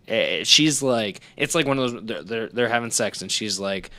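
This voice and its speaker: Bright-voiced man rambling with laughs. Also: medium pitch, unhurried, few pauses, no room sound. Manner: rambling, laughing storyteller who acts out quoted lines. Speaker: podcast co-host. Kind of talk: casual movie-review chat.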